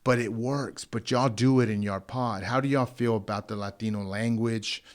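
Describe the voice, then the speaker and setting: A man in a casual podcast chat, asking questions in a halting way with many restarts. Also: lowish voice, fairly even intonation.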